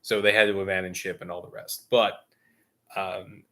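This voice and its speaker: A man's voice: deep voice, little pitch movement, moderate pace, a bit bright. A man hosting a gaming stream, telling a long story in casual chat with jokey asides and frequent laughs. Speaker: stream host.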